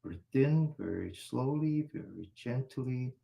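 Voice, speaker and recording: A man guiding a qigong exercise class, calmly cueing each stretch and breath step by step. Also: mid-range voice, slow, vocal fry. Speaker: qigong instructor. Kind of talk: guided exercise class instruction.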